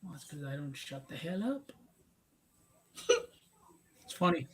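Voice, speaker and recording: Male live-stream host, slightly high voice, talkative, casual and upbeat. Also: very animated, unhurried. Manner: chatty and upbeat, self-mocking. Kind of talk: casual chat.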